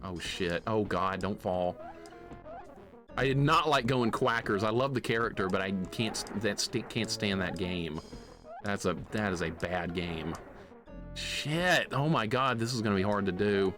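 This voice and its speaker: A man live-streaming a retro game, excitable and jokingly grumpy as he rants at his chat. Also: fairly low pitch, a little slow, over music. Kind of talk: casual live-stream commentary.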